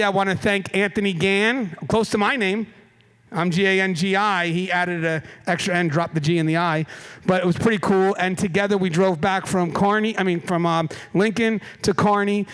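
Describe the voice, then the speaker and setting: High-voiced man telling a road story. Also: clean tone. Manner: animated, casual storyteller who swears and laughs at his own story. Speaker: keynote speaker. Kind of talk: humorous travel anecdote in a keynote speech. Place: conference hall on stage. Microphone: stage microphone.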